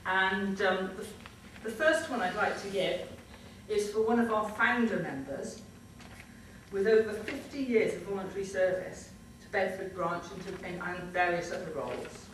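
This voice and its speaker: A woman's voice: mid-range voice, moderate pace. A woman hosting a convention, making informal announcements and presenting awards from a stage in a large hall. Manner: informal, loosely structured announcing. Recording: echoey hall from far off, noisy.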